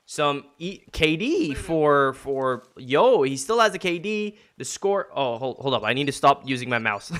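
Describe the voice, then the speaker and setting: A rambling, joke-prone male streamer casting a strategy game live from his home setup. His voice sits a touch high, and he talks loosely, restarting lines and breaking into laughter. The delivery is casual live commentary rather than polished casting. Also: sharp tone, slight background noise. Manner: rambling, jokey, laughs often.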